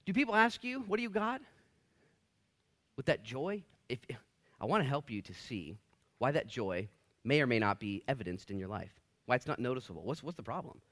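Animated, excitable male pastor preaching. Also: mid-range voice, brisk. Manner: animated, excitable, joking asides; soft, hushed when praying. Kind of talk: sermon.

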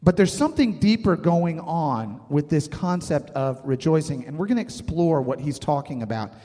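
A man's voice: a little high, animated, moderate pace, dark tone, big-room sound. A man in his thirties preaching a sermon, talking conversationally and asking the congregation questions. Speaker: pastor.

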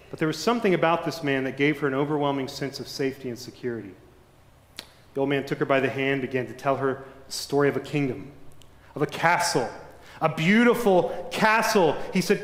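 Brief: dramatic male preacher, fervent to hushed, fairly high voice, reverberant church hall. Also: fairly quick. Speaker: pastor. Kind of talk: sermon. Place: church sanctuary.

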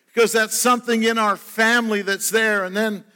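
Earnest storytelling pastor in reverberant church. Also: male voice, high voice, fairly even intonation, normal speed, sharp tone, smooth. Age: older. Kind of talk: sermon. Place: church sanctuary. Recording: church hall with long reverb.

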